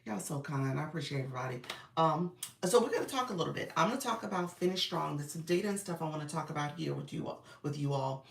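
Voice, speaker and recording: A woman business coach hosting a casual livestream. She is under the weather and a bit raspy, and she greets viewers by name in an upbeat, encouraging way. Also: low voice, expressive, fast talker, roomy sound, distant mic, a little hiss or hum.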